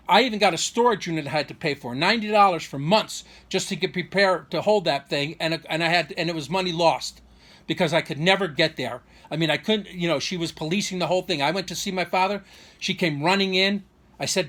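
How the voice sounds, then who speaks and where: Aggrieved, high-voiced man rambling. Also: fast talker, a bit bright. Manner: aggrieved, rambling, with many restarts and rhetorical questions. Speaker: vlogger. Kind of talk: personal storytelling monologue.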